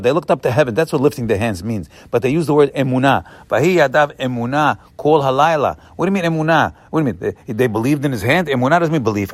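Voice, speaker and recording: A man's voice: mid-range voice, no room sound. A man teaching a Torah class in a sermon style, repeating phrases for emphasis and mixing in Hebrew terms.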